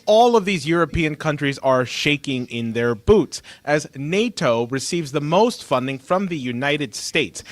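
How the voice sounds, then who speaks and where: A man's voice: fairly high pitch, fairly bright tone, no echo. A man delivering scripted, mocking political commentary with emphasis.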